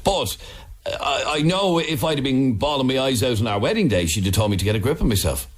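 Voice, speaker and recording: A man's voice: mid-range voice, expressive, quick pace. A man hosting a phone-in radio talk show, talking bluntly and brushing off fuss.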